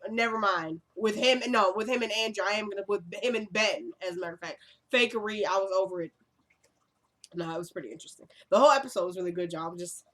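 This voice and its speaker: A woman's voice: mid-range voice, fairly bright tone. A woman recapping a TV episode in a casual, chatty way, sassy and rambling with frequent asides.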